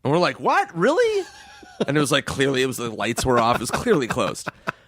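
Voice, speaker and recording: A man telling stories in casual chat, laughing as he goes and jumping into a high put-on voice to quote people. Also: fast, fairly bright tone, no echo. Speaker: comedian guest. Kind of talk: casual storytelling.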